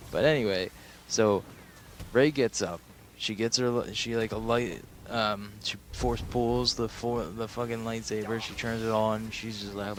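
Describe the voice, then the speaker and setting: A man's voice: on the low side, steady tone, unhurried, a bit bright, slight background noise. A sleep-deprived young man recapping a film in a rambling, profane way, full of fillers. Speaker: film reviewer.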